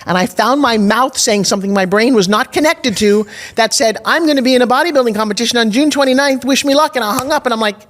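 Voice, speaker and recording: A woman's voice: fairly high pitch, fast talker, few pauses. Candid, emphatic middle-aged woman. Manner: emphatic, candid, acts out her own past thoughts. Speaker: podcast guest. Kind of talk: personal storytelling in conversation. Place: studio in Nashville.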